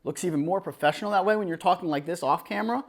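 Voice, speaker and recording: A man who works as a wedding DJ, giving other DJs casual advice in an energetic, emphatic way with lots of fillers. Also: high voice, rapid-fire. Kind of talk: casual advice talk to camera.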